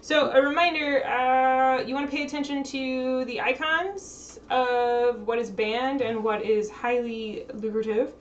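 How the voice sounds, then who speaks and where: A woman's voice: high voice, fairly even intonation, unhurried, hardly any pauses, highs cut off, slight background noise. A woman hosting a casual live stream from home, chatting and laughing while fixing technical problems. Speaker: streamer host.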